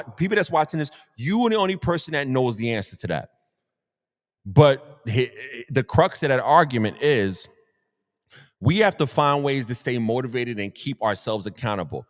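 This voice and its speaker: A man hosting a live motivational talk show, animated and preachy, repeating quotes for emphasis. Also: fairly low pitch. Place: Brooklyn area. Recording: long hall-like reverb.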